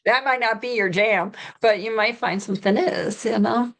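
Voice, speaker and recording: A woman's voice: on the high side, normal speed. A woman co-leading an online mindfulness class over a video call, chatty and upbeat. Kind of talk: casual class discussion.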